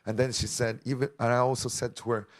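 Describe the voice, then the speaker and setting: A man's voice: medium pitch, flat delivery, fast talker. A young man giving a personal testimony to a church congregation, telling his story with emotion and acting out the dialogue.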